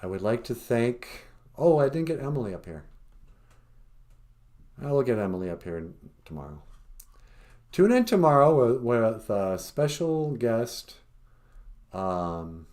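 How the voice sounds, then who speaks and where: A man from northern Minnesota hosts a casual livestream at an unhurried pace. His voice sits at an ordinary middle pitch, and he rambles along with plenty of fillers and self-deprecating jokes. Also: big pitch swings, darkish tone. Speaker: podcast host and cartoonist.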